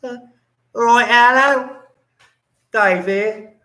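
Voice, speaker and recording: Recorded on a phone or camera mic, this English-accented man from England is livestreaming casually from his home in the Philippines, rambling and chatting while he reads out comments from viewers. His voice is very high, bright and forceful, and he talks slowly.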